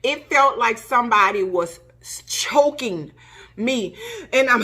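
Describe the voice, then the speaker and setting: Slow-talking woman telling a personal story. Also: on the high side, bright, forceful tone, slight background noise. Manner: emotional, retelling with reenacted gasps and cries. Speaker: vlogger.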